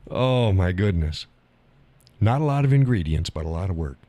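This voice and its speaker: Man, deep voice, folksy drawl, casual stream host, dry recording. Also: animated, moderate pace, mellow, no echo. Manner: folksy, drawling, laughs often. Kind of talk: casual chat with viewers.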